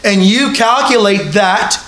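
Male preacher, high voice, conversational sermon delivery, congregation present. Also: lively intonation, takes it slowly, a bit bright. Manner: conversational preaching with repeated rhetorical questions to the congregation. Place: church hall with a congregation.

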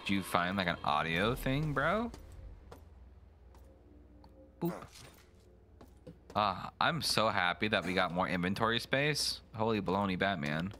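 A man streaming a video game, rambling and joking, now and then jumping into silly high voices. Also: expressive, moderate pace, sharp tone, a little hiss or hum. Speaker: gaming streamer. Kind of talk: casual let's play commentary. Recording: game music behind the voice.

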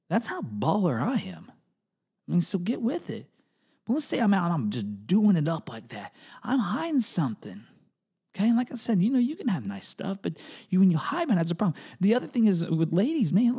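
A middle-aged man hosting a comedic solo podcast, talking in an animated way that jumps into high, exaggerated bits and restarts often. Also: husky. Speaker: podcast host.

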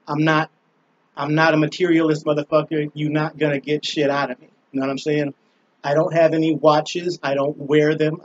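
A slightly high-voiced man tells a casual, rambling story on camera from a small balcony, swearing and filling pauses often. The sound is lo-fi.

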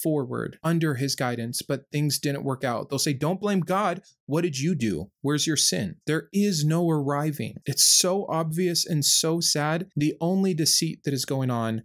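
A man hosting a reaction video, giving impassioned and earnest critical commentary. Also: on the high side.

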